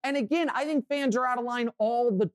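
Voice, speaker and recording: A young man co-hosting a sports podcast, telling stories and giving strong opinions in an animated way. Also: very high-pitched, a little fast, clean tone, dry recording, studio quality. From Kansas City, US. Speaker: podcast co-host. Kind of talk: casual sports talk.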